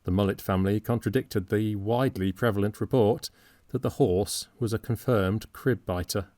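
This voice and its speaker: A man narrating an audiobook in a measured, wry storytelling manner. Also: fairly low pitch, dark tone, no echo.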